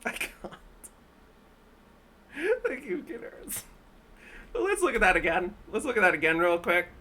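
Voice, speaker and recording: Animated woman streamer laughing a lot. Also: mid-range voice, a little slow, slight background noise. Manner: animated, laughs often, exasperated rants. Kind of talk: casual reaction commentary.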